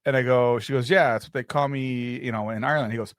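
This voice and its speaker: A man hosts a podcast in casual conversation, rambling through stories and acting out what other people said. He talks fast in a mid-range voice with fairly even intonation, in a dry, clean studio recording.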